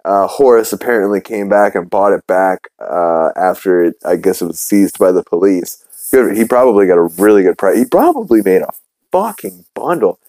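Low, mellow-voiced man rambling through a recap. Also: animated, normal speed, no room sound, poor audio. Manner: rambling, profane, full of fillers and restarts. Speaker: podcast host. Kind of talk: casual episode recap.

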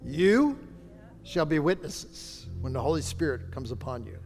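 High-voiced man preaching in reverberant hall. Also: very animated, gravelly, a little mellow, faint music behind. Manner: fervent, preacherly, drawn-out emphatic phrases. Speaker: pastor. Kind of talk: sermon. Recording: long reverb of a large hall.

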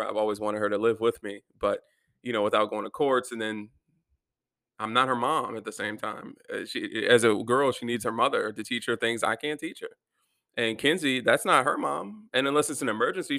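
A man's voice: mid-range voice, bright, forceful tone, dry recording. A young man venting in a rambling, profane personal monologue about his life. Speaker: vlogger.

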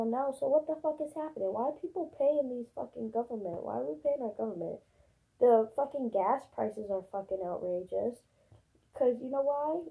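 A woman's voice: fairly high pitch, gravelly, narrow, tinny audio. A young woman vlogging alone in a casual, profane, rambling rant full of fillers and rhetorical questions. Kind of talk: casual ranting monologue.

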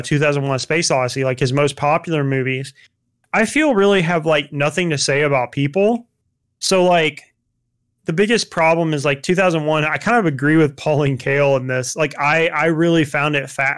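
A man's voice: on the high side, a bit bright, smooth. A young man chatting casually about films, rambling with lots of fillers and restarts.

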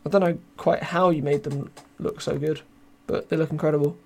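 Hosting a casual live podcast, a young British man talks briskly in a voice on the high side with fairly even intonation and vocal fry. He's tired, his voice thinning, and he rambles self-mockingly while reading the chat aloud.

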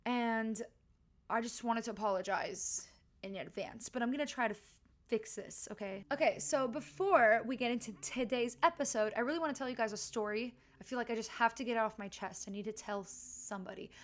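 A woman with a fairly quick, higher-pitched voice hosts her own podcast, telling a rambling, self-deprecating story in a chatty, casual monologue. She records into a wired home podcast mic.

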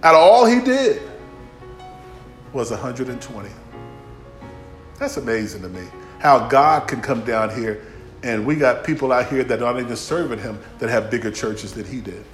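A man preaching a folksy sermon, swinging from shouts to near-whispers. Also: medium pitch, animated, normal speed, long pauses, roomy sound, soft background music. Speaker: pastor.

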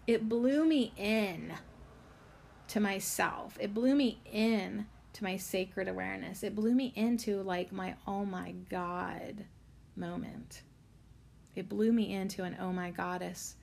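Gravelly-voiced woman chatting candidly. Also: mid-range voice. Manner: candid, swears freely, emotional. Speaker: podcast host. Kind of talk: casual spiritual chat.

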